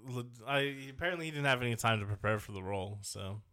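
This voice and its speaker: Podcast co-host, man, mid-pitched and smooth; loose, rambling, full of fillers and swearing. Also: lively intonation, fast, pushed and bright. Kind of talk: casual chat.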